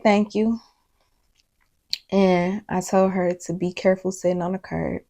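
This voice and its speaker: Gravelly young woman telling a story. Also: medium pitch, steady tone, moderate pace, warm tone. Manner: rambling, emotional, talks straight to viewers. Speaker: storyteller vlogger. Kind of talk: casual storytime.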